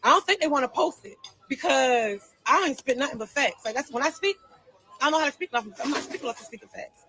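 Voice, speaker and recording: A woman's voice: high voice, expressive, fast, noisy background. A woman venting on a livestream, telling her side of a falling-out in an emphatic, repetitive and heated way.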